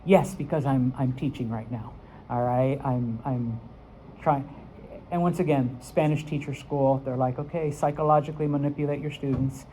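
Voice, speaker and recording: A man's voice: medium pitch, unhurried, warm tone, a little hiss or hum, low-quality recording. A man teaching a Spanish class, checking in with "okay?" after each point. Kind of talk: classroom lesson.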